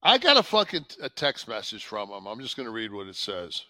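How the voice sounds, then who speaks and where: A man ranting on a podcast clip, swearing constantly in a mocking, animated way. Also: fairly low pitch, fairly quick, no echo. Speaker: podcast host in played clip. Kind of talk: profane casual rant.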